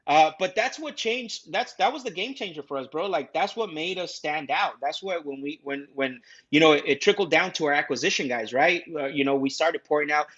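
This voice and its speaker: Young man, casual interview guest, slightly high voice, talkative, restarts often, muffled lo-fi sound. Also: fairly quick, few pauses, fairly bright tone. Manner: talkative, says "bro" a lot, many restarts. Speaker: guest, real estate salesman. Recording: dull lo-fi audio.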